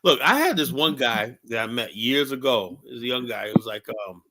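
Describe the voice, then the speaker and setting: A man hosts a casual, opinionated livestream talk show, speaking blunt and emphatic, often profane, and telling anecdotes with quoted dialogue. His medium-pitched voice is sing-song, bright and forceful, a little fast. The online stream mic gives poor audio with slight background noise.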